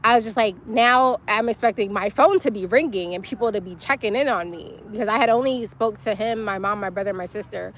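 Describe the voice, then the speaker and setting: A woman's voice: mid-range voice, fairly quick, hardly any pauses, a bit bright, slight background noise. A young woman, venting angrily in a profane, emotional personal vlog. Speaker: livestream host.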